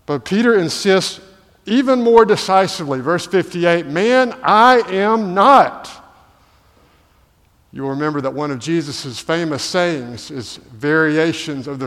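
A male pastor delivering a sermon, asking rhetorical questions and building to emphatic peaks. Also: fairly high pitch. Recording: long hall reverb.

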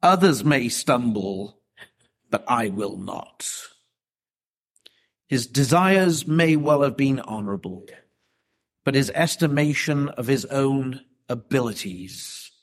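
A man with a mid-range voice preaches an expository sermon. He is emphatic and deliberate, and he poses rhetorical questions.

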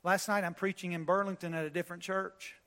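A man preaching a sermon, telling a story with animated swings between loud preaching and quiet. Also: high voice, fast, in a large hall. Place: church.

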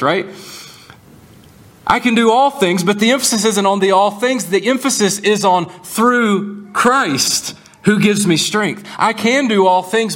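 Earnest male preacher, slightly high voice. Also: fairly bright tone. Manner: earnest preaching, slows and stresses key words. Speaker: pastor. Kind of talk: sermon.

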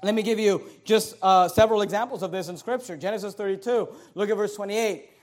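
Male preacher, high voice, emphatic scripture reading. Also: fast talker. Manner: emphatic, reads scripture aloud with stress. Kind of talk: sermon.

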